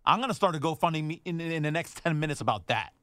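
A man's voice: a little high, expressive, quick pace, sharp tone, dry recording, studio quality. A man working as producer and co-host on a sports talk radio show, bantering with wisecracks.

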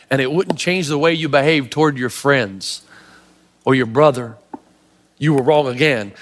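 A man's voice: fairly high pitch, pitched below the performer's own voice. A pastor voicing a stern ancient king who scolds an unforgiving servant in an emphatic, repeating way, heard in a long hall reverb.

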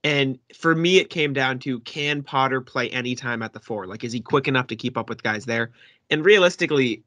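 A man co-hosting a basketball podcast, eagerly asking questions and stumbling over quick restarts. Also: mid-range voice, pushed and bright, no echo. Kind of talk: casual sports discussion.

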